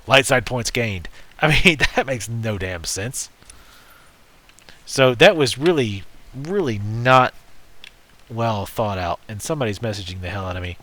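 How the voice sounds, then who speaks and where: A man's voice: medium pitch, expressive, measured pace, fairly bright tone. A man giving casual, joking and rambling commentary while playing a video game. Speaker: let's play host.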